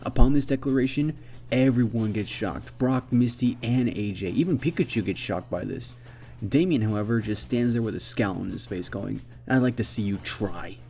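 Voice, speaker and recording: A man's voice: medium pitch, lively intonation, normal speed, vocal fry, mellow, soft background music. Chatty male fan-story narrator. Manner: chatty, addresses listeners directly.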